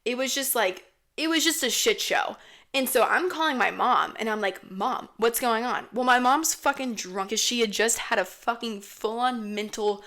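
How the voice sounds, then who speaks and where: A woman's voice: fairly high pitch, moderate pace, sharp tone. A young woman in her twenties, a podcast host telling a casual story, rambling, swearing a lot and saying "like" all the time. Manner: rambling, heavy swearing, lots of "like".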